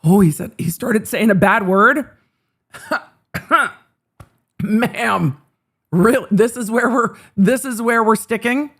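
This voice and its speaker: A woman's voice: a little high, slow, long pauses. A woman hosting live trial commentary, reacting with sarcastic, exasperated asides. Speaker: legal commentary host.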